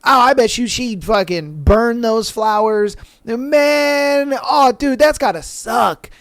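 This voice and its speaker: A man's voice: extremely high pitch, takes it slowly, a bit bright, no echo, clean studio sound. A podcast host chatting casually and reading online threads, slangy and laid-back, calling listeners bro and man.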